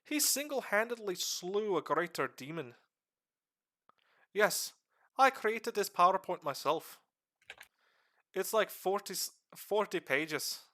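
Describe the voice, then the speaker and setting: A man lecturing on a livestream in a put-on Irish accent that slips toward Scottish, excitable and swearing. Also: slow pace, pauses often. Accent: put-on Irish, slipping into Scottish. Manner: excitable, swearing, sudden pitch jumps. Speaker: streamer giving a lore lecture.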